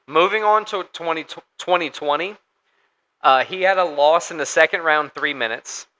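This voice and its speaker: A man with a bright, forceful voice co-hosts a casual sports podcast. His pitch sits a little high for a man. He talks loosely, with fillers and restarts. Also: normal speed, low-quality recording. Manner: conversational, hesitant with fillers and restarts. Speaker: podcast co-host.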